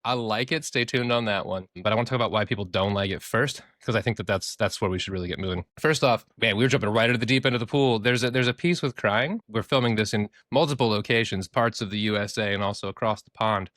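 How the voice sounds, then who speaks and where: A man's voice: fairly low pitch, fast, few pauses, a bit bright, no room sound, studio quality. A man co-hosting a podcast, explaining things in a rambling, jokey way with some swearing. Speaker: podcast co-host. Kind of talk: casual chat, explaining.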